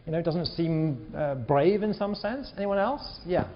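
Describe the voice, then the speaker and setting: Male lecturer, high lively voice, echoey lo-fi hall recording. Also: unhurried, a little hiss or hum. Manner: animated, repeats words, questions the class. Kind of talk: university lecture. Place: large lecture hall with balcony. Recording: echoey hall, dull lo-fi sound.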